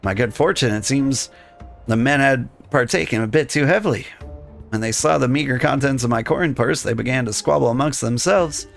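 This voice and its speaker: A man voicing a timid young peasant milkmaid in a polite falsetto. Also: moderate pace, vocal fry, soft background music, natural voice.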